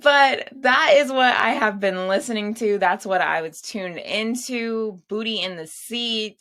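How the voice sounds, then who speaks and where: Woman hosting her own podcast, slow easy chat, pokes fun at herself. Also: on the high side, a bit bright. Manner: chatty, laughs at herself, drifts into asides. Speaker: podcast host. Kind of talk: casual solo chat.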